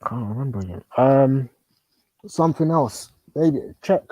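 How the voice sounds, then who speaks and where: A man chatting casually alongside a streamer, hesitant and quick to laugh. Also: mid-range voice, animated, mellow, low-quality recording. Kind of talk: casual chat.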